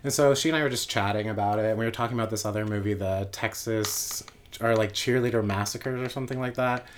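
Low-voiced man rambling through a story. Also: fairly even intonation, fast, a little hiss or hum. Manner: rambling, full of fillers and asides. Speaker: guest storyteller. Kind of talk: casual personal storytelling.

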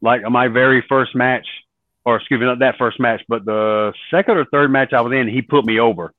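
A man recounting his career as a guest, slipping into the voices of the people he quotes. The sound is thin and tinny like a phone line, with no room around it. His voice sits at an ordinary pitch. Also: fairly quick, no room sound. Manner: animated storyteller acting out quoted voices. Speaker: podcast guest, former wrestler. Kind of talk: storytelling in an interview.

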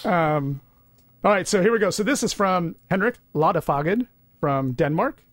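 A man's voice: high voice, expressive, moderate pace, no echo, clean studio sound. A man co-hosting a podcast, chatting casually and rambling with restarts and fillers. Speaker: podcast co-host. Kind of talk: casual chat.

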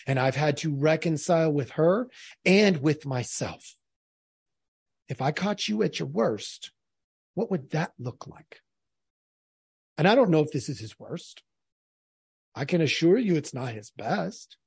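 A man's voice: fairly high pitch, lively intonation, a little slow, creaky, long pauses, breathy edge, dry recording, studio quality. A man commenting earnestly on a played clip, speaking directly to his audience. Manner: earnest, addresses the audience as folks.

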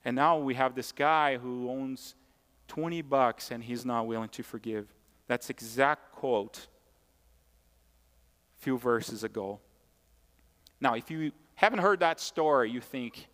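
A man's voice: mid-range voice, animated, a little slow, long pauses, fairly bright tone. A man preaching a sermon as pastor, emphatic and conversational, repeating key points and tossing asides to the congregation. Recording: long hall reverb.

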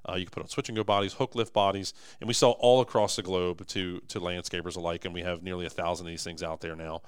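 A young man talks fast and emphatically on a podcast, his voice going a little hoarse. His low voice is clear and smooth. The recording is close and dry. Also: fairly even intonation, dry recording. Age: young adult. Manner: enthusiastic, emphatic salesman. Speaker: podcast host, manufacturing company owner. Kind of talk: casual podcast chat.

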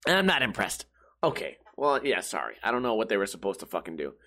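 A man's voice: on the low side, very animated, fast, pushed and bright. A man hosting a casual podcast from home, ranting and joking with lots of swearing and exaggerated storytelling. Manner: profane, joking, exaggerated storytelling with mock voices. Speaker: podcast host. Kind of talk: casual comedic podcast rant. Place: home room.

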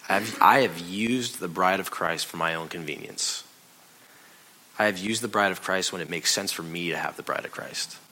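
A man giving a conversational, confessional sermon as a pastor, dropping to a hush and rising loud while telling a story. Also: low voice, normal speed, low-quality recording.

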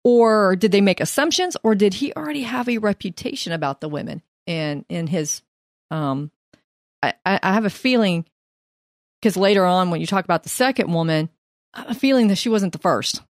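A woman's voice: mid-range voice, animated, fairly quick, dry recording, studio quality. Chatty woman musing over questions. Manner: questioning, wondering aloud, chatty. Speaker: Bible study co-host. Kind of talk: casual Bible study chat.

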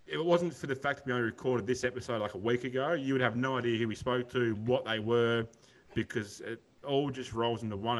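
A man's voice: mid-range voice, a bit bright. A man with an Australian accent co-hosting a podcast, chatting in a rambling, laid-back way and calling his co-host mate. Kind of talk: casual chat.

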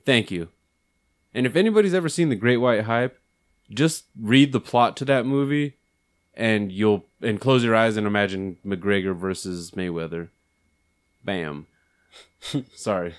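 A man's voice: on the low side, unhurried, long pauses. A man chatting casually with friends, swearing often, laughing a lot and slipping into mock voices. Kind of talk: casual chat among friends.

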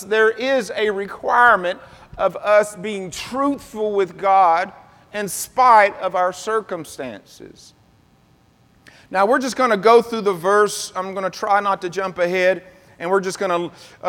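A man preaching a sermon at an unhurried pace, his voice pitched fairly high for a man. He draws the congregation into call-and-response. The sound carries a long reverb of a large sanctuary. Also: fairly bright tone. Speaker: pastor.

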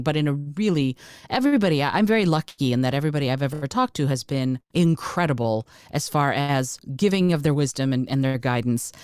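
A woman's voice: sits low, a little mellow, dry recording. A woman guest on a podcast, talking earnestly and emotionally, often close to tears and repeating her words. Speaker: podcast host and coach, guest. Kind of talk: casual interview talk.

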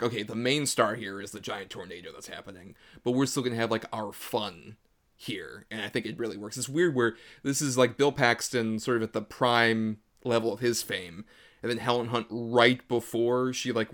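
Man, movie podcast co-host, rambling casual talk, middle pitch. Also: normal speed, a bit bright. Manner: rambling, many "like" fillers. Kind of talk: casual film chat.

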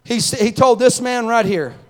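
A man's voice: extremely high pitch, moderate pace, in a large hall. A man preaching as assistant pastor, speaking passionately and directly to his congregation. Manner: impassioned, addresses congregation directly. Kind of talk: sermon. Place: church sanctuary.

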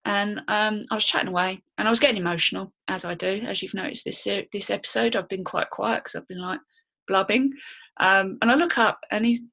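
A woman's voice: mid-range voice, brisk, vocal fry, sharp tone. A woman co-hosting a podcast, talking candidly in a chatty, blunt way and swearing now and then. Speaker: podcast co-host. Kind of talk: casual podcast chat.

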